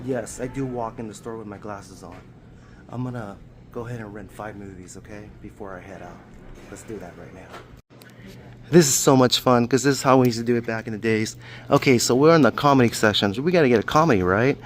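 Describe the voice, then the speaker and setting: A man's voice: on the low side, brisk, background noise. Playful man talking in third person. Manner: playful, talks about himself in third person. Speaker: vlogger. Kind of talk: casual vlog walkthrough. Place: video rental store.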